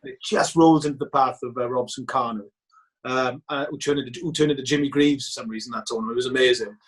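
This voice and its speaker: With a medium-pitched voice and a quick pace, a Welsh man sits in as a guest and shares football-trip stories conversationally. He's full of energy and acts out quoted voices, all captured on a low-quality recording.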